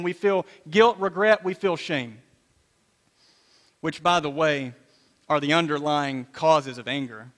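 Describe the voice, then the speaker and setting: A man's voice: a little high, slow, long pauses, fairly bright tone. A man in his fifties, a pastor, preaching a sermon in a conversational, storytelling way with repeated phrases. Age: 50s. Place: church sanctuary. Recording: long reverb of a church hall.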